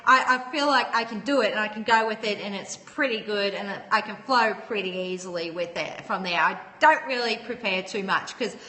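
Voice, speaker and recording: A woman's voice: medium pitch, moderate pace, hardly any pauses, pushed and bright, in a large hall. A woman hosting a casual livestream, chatting with viewers, greeting them by name and laughing often. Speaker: livestream host. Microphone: phone.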